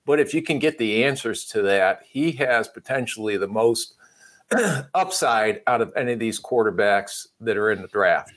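Casting: male sports panelist, lower voice, joking, rambling delivery. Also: normal speed, fairly bright tone. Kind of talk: casual sports analysis.

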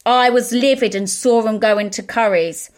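Co-host, woman, higher voice, indignant storyteller who acts out quotes. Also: steady tone, normal speed. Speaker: podcast co-host. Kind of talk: casual chat.

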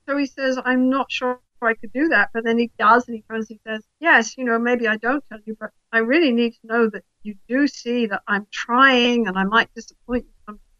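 A woman speaking as a couples therapist in an interview, explaining in a lively way and acting out the voices of the people in her examples. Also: fairly high pitch, brisk, no room sound, muffled recording.

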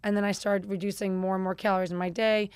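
Animated woman telling candid stories. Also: medium pitch, fast talker, clean tone, dry recording. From Chicago. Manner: animated, acts out quotes, swears casually. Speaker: guest. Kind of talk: candid conversational storytelling.

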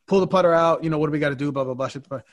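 A man hosting a casual podcast chat, telling a story in an animated, rambling way with many restarts. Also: fairly high pitch, very fast. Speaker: podcast host.

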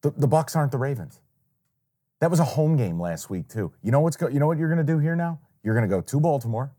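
A man's voice: medium pitch, animated, warm tone. Opinionated man on a betting podcast. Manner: emphatic, opinionated, quick restarts. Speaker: sports betting podcast co-host. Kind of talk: casual sports betting chat.

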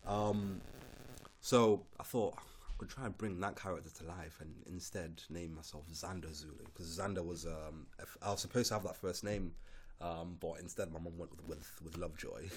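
A man's voice: low voice, a little hiss or hum. A man from Britain, a pro wrestler, chatting casually and telling stories with frequent restarts and laughter. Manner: laughing, halting storyteller with many restarts. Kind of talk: casual podcast chat.

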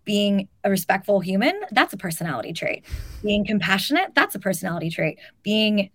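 A woman's voice: medium pitch, very animated, fairly quick, no room sound. Emphatic woman, dry close sound. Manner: emphatic, talks with filler "like". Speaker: sports talk co-host. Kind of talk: casual opinionated chat.

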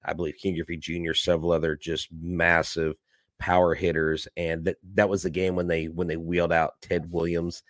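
A man's voice: deep voice, little pitch movement, normal speed, no echo, clean studio sound. A man co-hosting a casual sports podcast, joking and teasing his partner. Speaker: podcast co-host.

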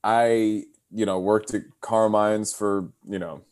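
A man's voice: on the low side, takes it slowly, clean tone. A man in his thirties on a video call, telling stories in casual chat and acting out the voices of people he quotes. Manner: animated storyteller, acts out quotes. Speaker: podcast guest.

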